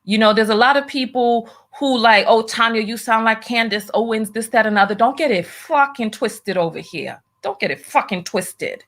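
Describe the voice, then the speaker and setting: A woman's voice: fairly high pitch, normal speed, hardly any pauses, fairly bright tone. A woman hosting a livestream commentary show. She talks bluntly and emphatically, repeats phrases for weight, and reads viewer donations aloud between her own remarks. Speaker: host of a commentary channel.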